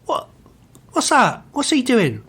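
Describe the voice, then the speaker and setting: A man's voice: very high-pitched, wildly swooping pitch, slow, creaky, a bit bright, slightly rough, pitched above the performer's own voice, heavily acted. A man voicing a portly, short-tempered older male driving instructor, ranting at other drivers. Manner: exasperated ranting.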